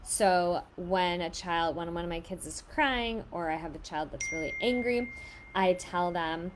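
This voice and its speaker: A woman and parent giving advice in a casual monologue, explaining calmly with lots of filler words. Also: lowish voice, normal speed, a little hiss or hum. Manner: conversational, many filler "like"s, calm explaining.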